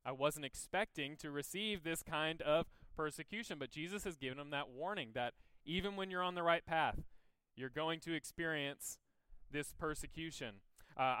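Guy preaching a chatty sermon, bright crisp voice, kinda higher pitch, dry close sound. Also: no room sound, rough recording. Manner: conversational, explains scripture with personal stories. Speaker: pastor. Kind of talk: sermon teaching.

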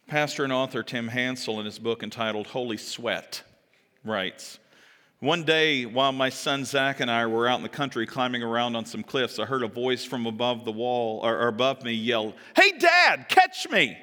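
A man preaching a sermon as a pastor, telling stories with animated delivery and acting out the people in them. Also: mid-range voice, normal speed, in a large hall. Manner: animated storytelling, acting out quoted voices. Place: church sanctuary.

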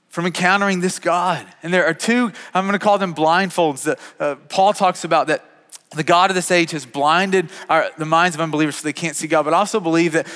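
A man's voice: on the high side, fairly bright tone, in a large hall. A man in his thirties preaching a sermon as a pastor, earnest and often repeating words as he talks.

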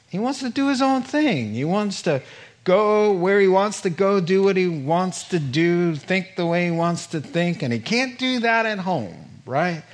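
A male pastor preaching a sermon in a folksy, animated way, often laughing as he goes. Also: fairly high pitch.

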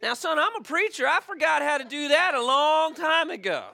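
A man's voice: very high voice, animated, moderate pace, vocal fry, background noise, voice pushed up, exaggerated voice. A man voicing a flustered male preacher in a joke, earnest and mildly exasperated. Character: flustered adult male preacher on a new bike.

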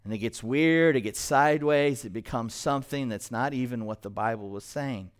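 A male pastor preaching a sermon to a congregation, animated and quizzing the listeners with questions. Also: medium pitch, moderate pace, clear, resonant tone. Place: church, in front of a congregation.

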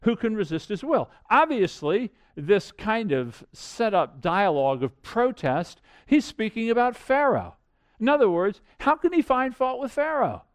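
A man preaching a sermon, animated, asking rhetorical questions and swinging between loud and quiet. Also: high-pitched, a little slow. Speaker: pastor.

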